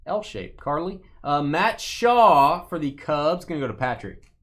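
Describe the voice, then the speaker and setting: A man's voice: a little high, expressive, measured pace, fairly bright tone. Guy running a card break stream, jokey and teasing, voice jumps around a lot. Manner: playful, teasing viewers by name. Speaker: host of a live card break. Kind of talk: casual live-stream commentary.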